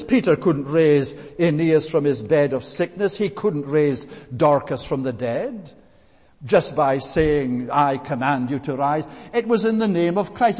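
A man preaching a sermon, emphatic, repeating phrases and slowing down to stress key words. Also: fairly high pitch, a little mellow. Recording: long reverb of a large hall.

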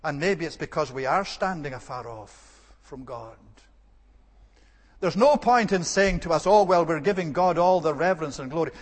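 A man's voice: fairly high pitch, animated, moderate pace, in a large hall. A man preaching an earnest, emphatic sermon and repeating his key words for stress.

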